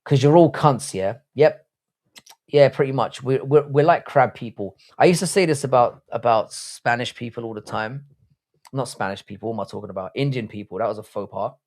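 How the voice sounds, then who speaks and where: A man's voice: mid-range voice, brisk, a little mellow. A young English man hosting a livestream, reading chat aloud and bantering in a blunt, crude, rambling way with frequent restarts. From England. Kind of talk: casual live-stream chat.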